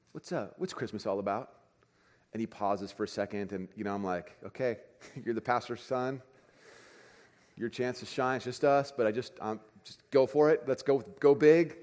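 A man in his thirties, a pastor preaching a sermon, telling a family story with lively swings between soft asides and excited bursts. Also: mid-range voice. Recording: long hall reverb.

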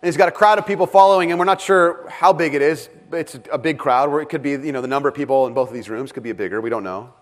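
A man preaching a sermon as pastor, dramatic in delivery and often dropping to a hush for emphasis. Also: fairly high pitch, fast, hardly any pauses. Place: church with several rooms.

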